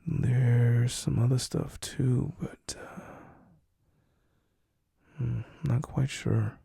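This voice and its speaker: A young man in a whispered role-play as a comforting boyfriend, talking softly and slowly with hesitant fillers and reassurance. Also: medium pitch, vocal fry, slightly rough, dry recording, studio quality.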